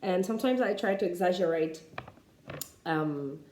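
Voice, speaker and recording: A woman with a Spanish accent, a native Spanish speaker, explaining pronunciation tips as an English teacher in an unhurried way, with many fillers and restarts. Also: on the low side, lively intonation, warm tone, roomy sound, a little hiss or hum.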